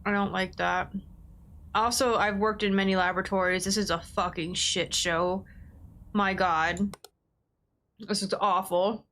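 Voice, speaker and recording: A woman's voice: medium pitch, fairly even intonation, unhurried, long pauses, fairly bright tone. A woman gaming livestreamer chatting casually at her desk, talking bluntly and swearing freely while she plays.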